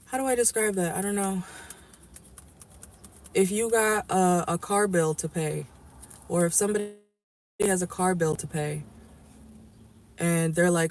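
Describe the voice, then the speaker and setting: Blunt, rambling tarot reader in a car. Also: mid-range voice. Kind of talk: casual tarot reading to viewers. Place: inside a car.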